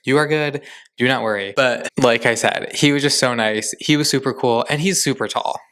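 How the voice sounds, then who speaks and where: A man's voice: mid-range voice, moderate pace, a bit bright. A young man hosting his own podcast, chatting casually and gushing as he acts out his conversations in quotes. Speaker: podcast host. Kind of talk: casual solo podcast recap.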